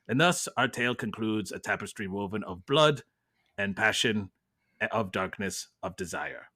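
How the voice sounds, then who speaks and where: A pompous gothic narrator with a clumsy mock-French accent, drawing out dark words with great theatre, as a man puts him on. The tone is bright and forward. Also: mid-range voice, dry recording, studio quality, natural voice.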